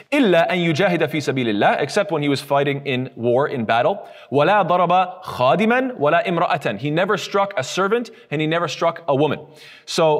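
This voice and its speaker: A man delivering an Islamic lesson at a brisk clip, animated and given to acting out quick exasperated voices. His voice sits slightly high for a man and rings with a long hall reverb. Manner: animated, acts out scoffing voices. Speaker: Islamic teacher. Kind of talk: recorded lesson on hadith.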